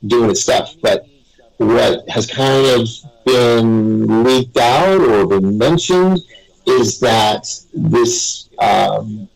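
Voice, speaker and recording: A man's voice: on the low side, creaky, rough recording. A man guesting on a live web radio show, telling stories in a rambling, casual way and chuckling between them.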